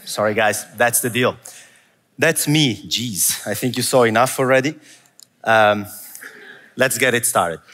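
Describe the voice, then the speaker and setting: A man's voice: fairly low pitch, a bit bright. A man with an Italian accent giving a conversational, self-deprecating conference presentation in an event hall. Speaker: macro analyst speaker. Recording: reverberant hall.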